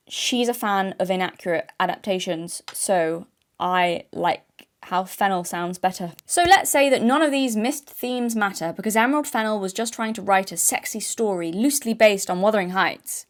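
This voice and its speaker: Blunt opinionated English woman. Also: mid-range voice. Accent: mild English, no strong Yorkshire accent. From Yorkshire, England. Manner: opinionated, blunt, sometimes swears. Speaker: video essayist. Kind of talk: scripted video essay with casual asides.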